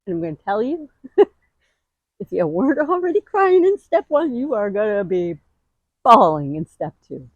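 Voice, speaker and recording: A middle-aged woman giving heartfelt advice straight to camera, earnest and emotional, with sudden expressive bursts. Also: medium pitch, no echo, low-quality recording. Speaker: grief video host.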